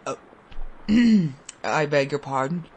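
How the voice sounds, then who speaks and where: A woman's voice: low voice, animated, a little mellow, slightly rough, voice pushed down, heavily acted. A woman voicing a poor, ashamed father who stammers hesitantly. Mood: embarrassed. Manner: halting, embarrassed, stammering.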